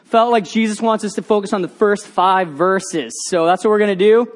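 A man preaching a sermon, telling a story with lively quoted voices. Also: sits high, normal speed. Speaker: pastor.

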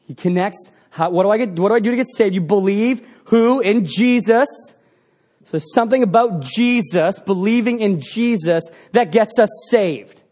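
High-voiced man preaching, animated. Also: normal speed. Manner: animated, acts out quoted voices. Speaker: pastor. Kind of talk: sermon.

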